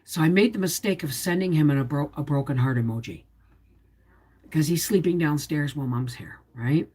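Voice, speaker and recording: A woman's voice: low voice, normal speed, a little mellow, husky. A woman in her fifties hosting a casual livestream, telling a rambling, confiding story to viewers while sounding emotionally tired. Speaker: homestead vlogger hosting a livestream. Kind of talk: casual live-stream chat.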